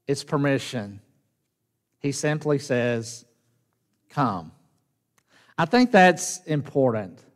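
A pastor preaching a sermon, speaking slowly and emphatically and often asking his congregation rhetorical questions. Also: medium pitch, animated. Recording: long reverb of a church hall.

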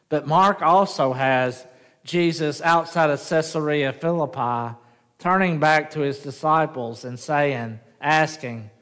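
A man's voice: a little high, fairly bright tone. A man preaching a sermon as a pastor, speaking conversationally and often asking the congregation rhetorical questions. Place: church sanctuary. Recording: long hall reverb.

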